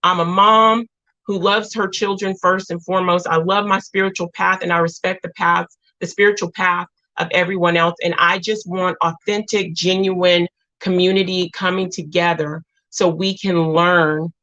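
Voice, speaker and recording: A woman's voice: fairly low pitch, steady tone, normal speed, bright, forceful tone. A woman hosting a livestream, talking to viewers in a rambling, heartfelt way with lots of restarts. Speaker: live stream host. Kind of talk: emotional livestream chat with viewers. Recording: dull lo-fi stream audio.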